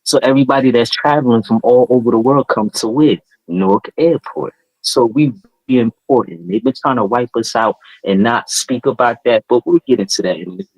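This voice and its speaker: A man's voice: mid-range voice, brisk, a little mellow, no echo, low-quality recording. A man from New Jersey with a Jersey accent, a guest rapper in a casual podcast interview, talking with confident hype and slang. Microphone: video call.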